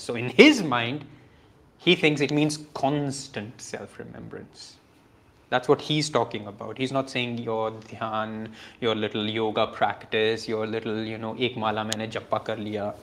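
A man gives a reflective spiritual teaching on scripture, earnest and self-deprecating, often chuckling softly. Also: mid-range voice. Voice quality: earnest and self-deprecating, with frequent soft laughs.

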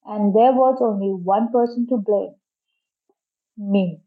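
A woman narrating a storybook in a lively, expressive first-person reading. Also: mid-range voice, slow pace. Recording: tinny phone-like sound.

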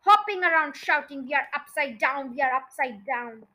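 Girl reader doing a nasty old man, yelling. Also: high voice, lively intonation, moderate pace. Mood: angry.

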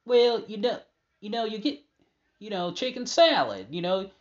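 A man's voice: expressive, moderate pace, dull audio. A man doing an impression of a rambling, folksy older man who keeps repeating fillers. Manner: meandering, high-pitched, loud.

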